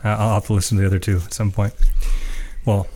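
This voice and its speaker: Male podcast co-host, lowish voice, rapid joking questions. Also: flat delivery, warm tone. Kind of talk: casual chat.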